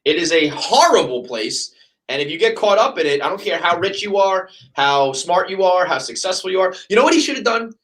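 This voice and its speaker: A man hosting a casual sports podcast, ranting with heavy profanity and lively quoted asides. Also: sits high, fairly quick, rough recording. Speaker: podcast host.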